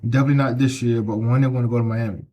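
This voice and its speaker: A man's voice: mid-range voice, steady tone, rapid-fire, lo-fi sound. A middle-aged man vlogging outdoors on the street, talking into a handheld phone in a preachy way and tagging his points with "right?". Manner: preachy, repeats himself, tags lines with "right?". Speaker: travel vlogger. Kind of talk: casual walking vlog to camera.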